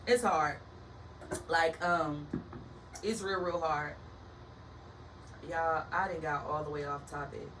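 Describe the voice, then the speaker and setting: A woman's voice: deep voice, steady tone, slow, pauses often, far from the mic, background noise. A woman giving an earnest, emphatic faith-based motivational talk, speaking straight to her listeners.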